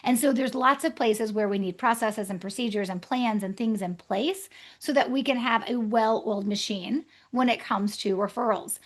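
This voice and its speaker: Woman, guest author, lively explainer, higher pitch, acts out client exchanges. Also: moderate pace, few pauses. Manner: energetic, acts out client dialogues. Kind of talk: conversational podcast interview.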